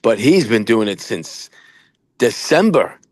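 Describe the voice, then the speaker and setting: A man's voice: medium pitch, very animated, slow, no room sound, clean studio sound. A middle-aged man, an actor and podcast co-host, chatting casually and frankly, rambling with many restarts as he tells stories. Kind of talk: casual chat.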